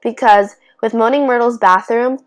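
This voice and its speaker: A young woman chatting casually on her own vlog, answering would-you-rather questions with quick restarts, giggly asides and frequent self-interruptions. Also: a little high, steady tone, low-quality recording. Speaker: YouTuber.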